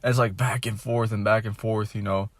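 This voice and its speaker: A young man in his twenties vents into his phone in a low, deflated voice. He rambles and swears, with "like" and "you know" in every breath. The sound is dry and close, with no room echo. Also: fairly even intonation, fairly quick. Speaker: vlogger. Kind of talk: casual venting monologue.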